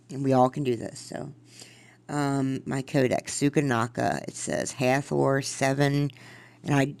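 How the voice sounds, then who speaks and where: A woman podcast host reading from her own journal and musing on it in a casual, rambling way, with a gravelly fry in her voice. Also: extremely low pitch, darkish tone. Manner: rambling, musing, trails off and restarts.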